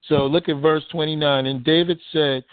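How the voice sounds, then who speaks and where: A man's voice: fairly high pitch, fairly even intonation, normal speed, no room sound. A man preaching a fervent, emphatic sermon, reading scripture aloud and expounding on it. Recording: tinny phone-like dry recording.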